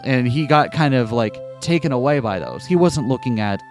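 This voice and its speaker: A man's voice: mid-range voice, lively intonation, moderate pace, music in the background. A man co-hosting a let's play, chatting casually with stammering restarts and playful asides while reading a visual novel.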